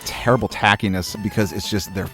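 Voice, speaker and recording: A man's voice: fairly low pitch, fairly even intonation, fairly quick, bright, forceful tone, soft background music. Profane, rambling man from Maine. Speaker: host. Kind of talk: casual let's-play commentary.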